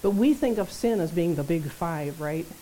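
A woman preaching a sermon in a conversational, animated way, often checking in with her listeners. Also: on the low side, moderate pace, a little hiss or hum, low-quality recording. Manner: conversational, animated, tag questions.

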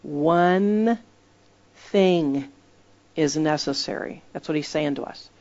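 Low-voiced woman preaching conversationally. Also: slow, a little mellow, no room sound, lo-fi sound. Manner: emphatic storytelling, acts out quoted voices. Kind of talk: conversational sermon.

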